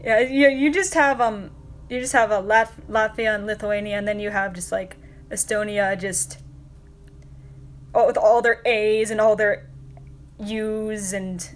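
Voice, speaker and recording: A woman hosting a casual livestream, chatting with viewers in a rambling way with many fillers and frequent laughs. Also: mid-range voice. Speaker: livestream host.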